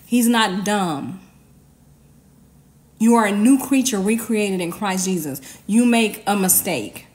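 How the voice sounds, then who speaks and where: A woman's voice: medium pitch, slow, darkish tone. A woman giving an informal, emphatic sermon, talking conversationally with slang and repeated commands. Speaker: preacher.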